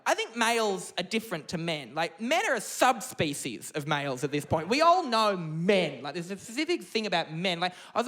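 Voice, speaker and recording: A man in his thirties with an Australian accent performing a stand-up comedy set on a theatre stage, animated and camp. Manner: animated, camp, swoops into high put-on voices. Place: theatre stage before a live audience.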